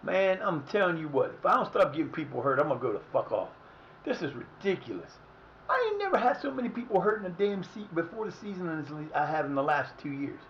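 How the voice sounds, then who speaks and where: Man, gaming streamer, animated swearing, higher voice, slightly dull audio with faint hiss. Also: fast. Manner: swearing, exasperated, talks to himself. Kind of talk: live game commentary.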